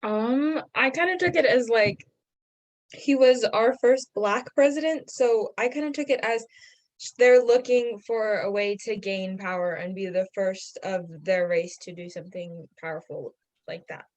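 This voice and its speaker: A woman's voice: medium pitch, unhurried. A woman student tentatively answering a question in a class discussion over a call.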